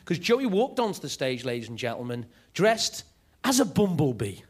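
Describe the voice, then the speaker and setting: A man's voice: a little high, moderate pace, heavy background noise. A man doing a stand-up comedy set, telling stories with energy. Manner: energetic, animated storytelling.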